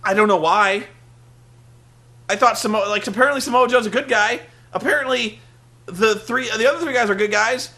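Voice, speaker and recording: A man's voice: high voice, moderate pace, pushed and bright. A man hosting a review show, ranting in an exasperated, sarcastic way, swearing often and rambling with restarts and filler words.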